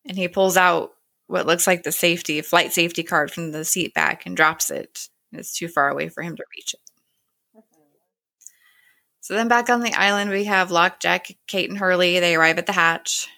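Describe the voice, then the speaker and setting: A woman's voice: on the low side, moderate pace, creaky, pushed and bright. A woman casually recapping a TV episode, retelling scenes and quoting the dialogue. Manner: chatty retelling with quoted dialogue.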